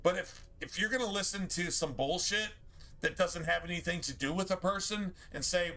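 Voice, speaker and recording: A man's voice: a little high, normal speed, gravelly, sharp tone. A man streaming a game, ranting profanely to his chat in a loose, rambling way. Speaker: gaming streamer. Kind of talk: casual rant to stream chat.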